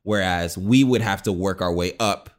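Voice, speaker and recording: An American man co-hosting a podcast, chatting casually in an animated, jokey, mock-exasperated way. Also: low voice, moderate pace. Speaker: podcast co-host. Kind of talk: casual chat.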